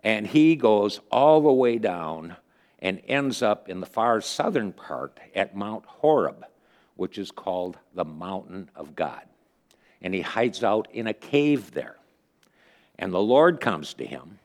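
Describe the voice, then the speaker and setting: A man giving a conversational sermon, retelling stories earnestly with pauses as he thinks. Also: on the low side, very animated, a little mellow. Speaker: preacher.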